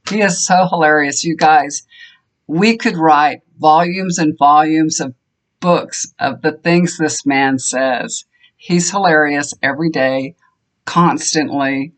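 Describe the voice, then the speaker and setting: A woman's voice: low-pitched, takes it slowly. An older woman, a tarot reader and healer, chatting casually to her viewers at home with rambling, fond storytelling. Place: home room, fan switched off.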